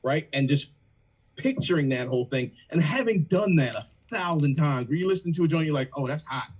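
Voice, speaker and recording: A man, a rapper in a band, chatting casually on a livestream, animated and profane as he breaks down lyrics. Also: fairly high pitch, brisk, husky, poor audio.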